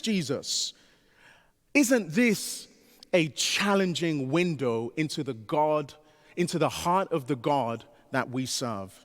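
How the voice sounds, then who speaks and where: Male pastor, sermon, fairly high voice, animated delivery, long church-hall reverb. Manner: animated, rising to a pleading pitch when voicing the disciples. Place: church sanctuary.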